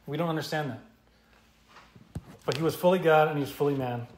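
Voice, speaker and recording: A man's voice: fairly high pitch, brisk, darkish tone, reverberant, slight background noise. A male pastor preaching an expository sermon, emphatic and repeating key phrases for stress. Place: church.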